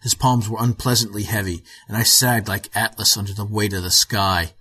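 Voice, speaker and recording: A man giving a measured, scripted reading of a fiction story as its narrator. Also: lowish voice, fairly even intonation, bright, forceful tone, husky.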